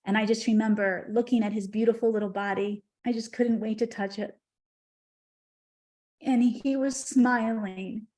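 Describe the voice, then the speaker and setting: A woman's voice: on the high side, fairly even intonation, moderate pace, darkish tone. A middle-aged woman, a podcast guest, telling a heartfelt spiritual story in conversation.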